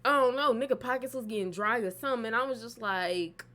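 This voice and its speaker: On the high side and fast, with a fairly bright tone, a storytime vlogger loosely tells a personal tale. She swears freely and uses lots of fillers.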